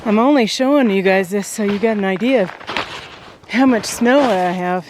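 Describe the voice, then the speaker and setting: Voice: medium pitch, normal speed, background noise. A vlogger talking casually to viewers while hiking up a snowy mountain slope, out of breath from the climb and laughing often. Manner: chatty, addresses viewers directly, laughs often. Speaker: vlogger showing their land. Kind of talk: casual walk-and-talk to camera. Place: outdoors on a snowy mountain hillside.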